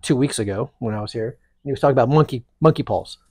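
A man casually telling a long story on a podcast, animated and rambling with frequent restarts. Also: medium pitch, racing, no room sound, clean studio sound. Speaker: podcast co-host.

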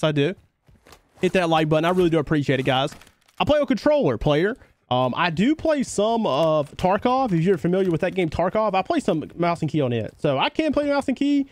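Streaming a shooter live, a young gamer from North Carolina talks with viewers in a high-pitched voice with a Southern twang. He's chatty and excitable, reacting loudly to the action, with slight background noise present.

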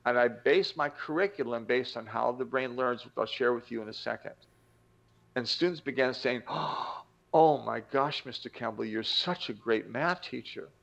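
Gravelly older man, emphatic motivational talk. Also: mid-range voice, fairly bright tone, highs cut off. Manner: emphatic, acts out quoted voices. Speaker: self-help teacher.

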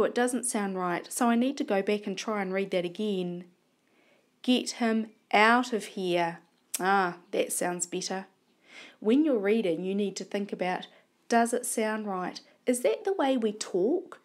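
A woman teacher modelling reading aloud for young children, thinking aloud in a deliberate way as she corrects her own mistakes. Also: mid-range voice.

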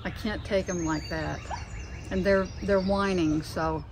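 A woman's voice: fairly low pitch, steady tone, measured pace. An older woman, matter-of-fact, cooing to dogs while bathing them, without her own mic. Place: indoors at a bath. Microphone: no mic, picked up from a distance. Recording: off-mic voice in an echoey room, with noise.

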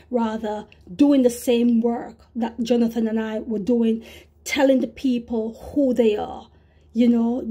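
A woman's voice: a little high, dark tone, husky. A woman preacher earnestly recounting a vision, repeating herself as she tells the story. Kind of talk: testimony to camera.

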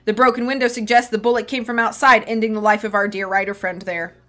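A woman reading aloud, voicing a blustering, self-important male deputy sheriff in a brash, loud manner. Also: a little high, fairly even intonation, quick pace. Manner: pompous and brash, louder than the narration.

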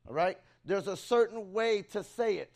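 Excitable high-voiced man preaching. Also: normal speed. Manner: excitable, calls out to congregation. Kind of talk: bilingual sermon with live interpreter. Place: church sanctuary.

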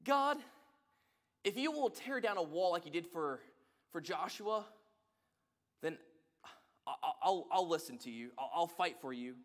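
A man's voice: on the high side, lively intonation, measured pace, long pauses, fairly bright tone. A man preaching a sermon voices a man in a parable who dares God to show a sign, pleading and insistent. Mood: demanding.

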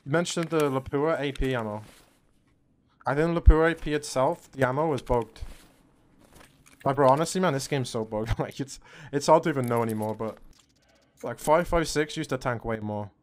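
Excitable, swearing male game streamer. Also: mid-range voice, normal speed. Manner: excitable, swears a lot, calls everyone bro. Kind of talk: casual live-stream commentary.

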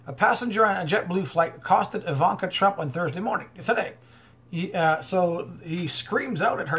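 High-voiced man ranting over news. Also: expressive, moderate pace, fairly bright tone. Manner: rambling, many fillers and restarts, preachy. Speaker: online commentator. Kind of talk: unscripted commentary reading news aloud.

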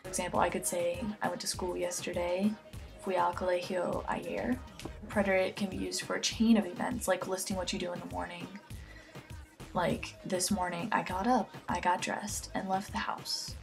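A woman's voice: lowish voice, level tone, normal speed, gravelly, faint music behind. A teenage girl giving a casual homemade Spanish grammar lesson, chatty and jokey, often sidetracked, speaking close to her computer mic. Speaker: amateur Spanish tutor. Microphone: computer webcam mic close up.

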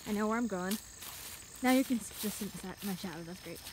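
A woman's voice: mid-range voice, fast, a little mellow, poor audio. A young woman chatting casually as she walks through woods, a bit out of breath and rambling. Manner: chatty and rambling, talking while walking. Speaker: vlogger. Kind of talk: casual walking vlog. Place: outdoors in woods and a rural field. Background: wind and insects outdoors.

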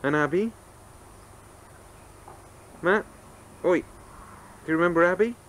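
Slow and high-voiced, a man films his toddler at home on a camcorder, his tone coaxing, teasing, and animated. The recording through the camcorder mic is rough, with a little hiss or hum.

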